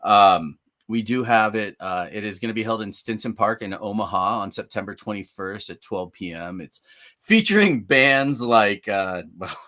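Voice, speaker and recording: A man's voice: on the low side, steady tone, moderate pace, a bit bright, no room sound, studio quality. A man co-hosting a sports podcast who jokes and chuckles while reading event details. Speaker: podcast co-host. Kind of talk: casual sports podcast chat.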